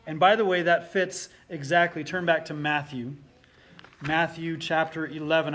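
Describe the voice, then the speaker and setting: A man preaching a sermon as pastor, with a voice pitched a little above the usual for men. He reads scripture aloud with mounting force, then drops back to explain it in plain terms. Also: a bit bright.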